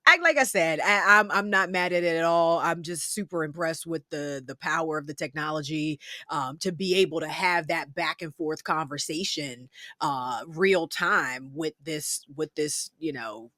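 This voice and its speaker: A woman co-hosting a casual tech podcast, animated and quick to laugh, pushing her voice up for emphasis. Her tone is bright and a little low, and the recording is dry and close. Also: no room sound. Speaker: podcast co-host.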